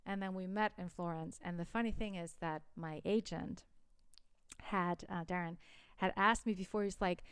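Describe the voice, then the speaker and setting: Lively Icelandic woman telling a story. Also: fairly low pitch, moderate pace, smooth, dry recording. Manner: lively, laughing storyteller, acts out her own quotes. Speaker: podcast co-host. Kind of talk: casual chat.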